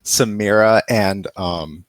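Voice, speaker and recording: A man's voice: lowish voice, slow pace, a little hiss or hum. A man playing a tabletop game, answering briefly in an easygoing way. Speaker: player. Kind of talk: casual tabletop play.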